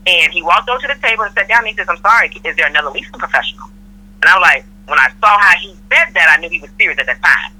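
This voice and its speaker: A woman's voice: on the low side, expressive, very fast, pushed and bright, rough recording. A middle-aged woman from Florida telling a work story in casual chat, acting out the people she quotes. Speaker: podcast guest, mother of host.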